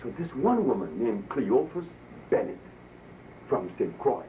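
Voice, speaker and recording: A man's voice: medium pitch, very animated, slow, dark tone. A man giving a public lecture to an audience, talking in an emphatic, preachy storytelling way. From Honduras. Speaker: herbalist speaker. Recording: distant mic with faint noise.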